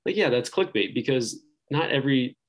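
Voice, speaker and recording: A man's voice: mid-range voice, expressive, normal speed, poor audio. Rambling man full of "like" and "um". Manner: rambling, heavy use of "like" and "um"; loose, thinking aloud with frequent restarts. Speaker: podcast guest. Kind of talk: casual interview chat.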